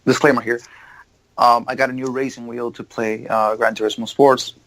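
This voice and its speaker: Male co-host, mid-pitched, halting then eager delivery. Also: level tone, fairly bright tone, low-quality recording. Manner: hesitant, filler-heavy, enthusiastic. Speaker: podcast co-host. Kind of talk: casual chat.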